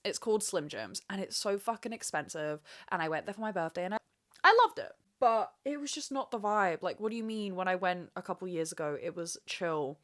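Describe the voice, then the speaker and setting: A woman's voice: fairly low pitch, expressive, a little fast. A young woman in her twenties hosting a solo podcast to camera, ranting emphatically and swearing freely. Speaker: podcast host. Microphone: camera mic, speaking to camera.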